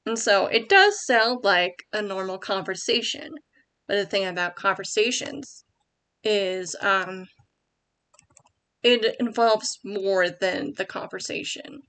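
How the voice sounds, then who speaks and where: A woman's voice: medium pitch, slow, fairly bright tone. A young woman at home giving casual writing tips over a screen share, rambling with many ums and likes and correcting herself as she goes.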